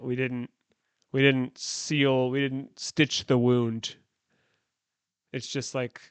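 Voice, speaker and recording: A man of middle pitch talks loosely into a handheld mic, wandering through jokes and half-finished thoughts. The sound is close and dry with no room echo. He speaks like a casual live-stream co-host. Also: clean tone. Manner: rambling, jokey, trailing off mid-sentence. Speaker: stream co-host getting a haircut. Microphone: handheld microphone.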